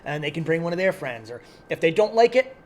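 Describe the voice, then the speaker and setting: A man on a casual podcast, promoting sales and programs in a relaxed, teasing way. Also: fairly high pitch, quick pace. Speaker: podcast co-host at an airsoft field.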